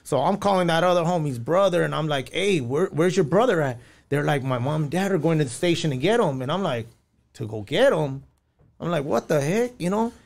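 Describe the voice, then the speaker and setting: Gravelly storyteller. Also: male voice, fairly high pitch, animated, brisk. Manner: rambling storytelling with many fillers, acting out quoted dialogue. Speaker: podcast guest. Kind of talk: personal storytelling.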